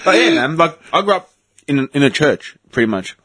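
Laid-back man with a husky voice. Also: a little high, sing-song, a little fast, a bit bright, dry recording. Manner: laid-back, swearing, tells it straight. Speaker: podcast co-host. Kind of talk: casual chat.

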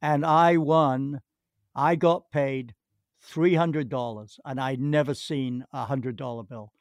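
A man spins long stories in a rambling, halting way, doubling back on his words and trailing off mid-sentence. His voice sits at an ordinary middle pitch and is captured close and dry, with no room sound around it. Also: steady tone, no echo. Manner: rambling, with restarts and hesitations. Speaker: golf pro, interview guest. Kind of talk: anecdotal storytelling.

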